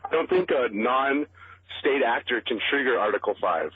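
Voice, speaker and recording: Male caller, raspy, calm and explanatory, dry muffled line. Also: mid-range voice, moderate pace, no room sound. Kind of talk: call-in radio comment. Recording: dry, muffled call audio.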